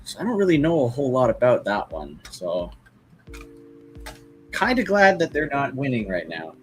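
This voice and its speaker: A man of middle pitch talks loosely to his viewers as he draws, wandering from thought to thought with plenty of "like" and "kinda". His tone stays easygoing and unhurried. Soft music plays faintly behind him. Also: huge pitch swings. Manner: rambling and laid-back, full of "like" and "kinda". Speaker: artist streaming while drawing. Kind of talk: casual streaming chat.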